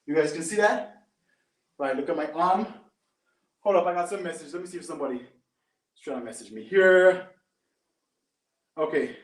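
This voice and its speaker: A man's voice: normal speed, pauses often, far from the mic. A man leading a live resistance band workout at home, coaching through each move and often checking in with "right?". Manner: coaching, repeats "right?" and "boom". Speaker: fitness instructor. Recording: echoey room, away from mic.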